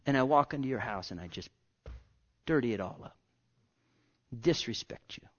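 A man preaching a sermon as pastor, impassioned, moving from loud outbursts to hushed whispers. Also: medium pitch, lively intonation, moderate pace, highs cut off.

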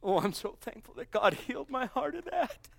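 A man's voice: extremely high pitch, big pitch swings, moderate pace, gravelly, dry recording. A man preaching a sermon with fervor, often breaking into "oh" and "hallelujah". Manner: fervent, exclaiming "oh" and "hallelujah".

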